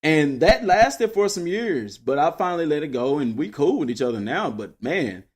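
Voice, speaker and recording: A man's voice: a little high, moderate pace, slightly rough. A young man from Texas, telling a personal story casually to his listeners. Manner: animated, addresses listeners as y'all. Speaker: podcast host.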